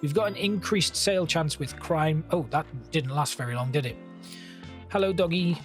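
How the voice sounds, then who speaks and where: A man's voice: on the high side, expressive, normal speed, faint music behind. Chatty man narrating a video game. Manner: chatty, thinks aloud, reads game text. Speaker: gameplay commentator. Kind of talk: casual gameplay commentary.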